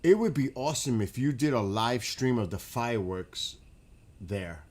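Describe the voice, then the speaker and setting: A man hosting a casual livestream, chatting with viewers by name and getting excited as he asks them questions. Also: medium pitch, moderate pace. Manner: chatty, talks to chat by name, gets excited and laughs. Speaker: livestream host.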